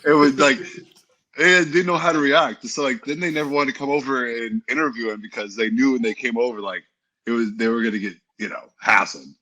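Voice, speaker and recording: A man's voice: mid-range voice, a little fast, sharp tone. A young man, a podcast guest, telling stories in a laid-back, teasing way. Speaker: podcast guest, football lineman. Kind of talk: casual storytelling chat.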